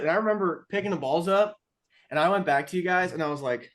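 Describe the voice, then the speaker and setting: A young man with a slightly raised pitch chats casually on a podcast. He tells baseball stories in an animated way and acts out what other people said. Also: quick pace. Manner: animated storytelling with acted-out quotes. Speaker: podcast co-host. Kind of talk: casual chat.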